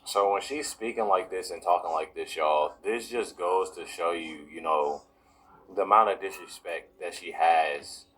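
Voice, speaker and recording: Very deep-voiced man commenting casually. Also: measured pace, a bit bright, rough recording. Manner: repetitive, heavy use of "you know" and "y'all". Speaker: political commentary vlogger.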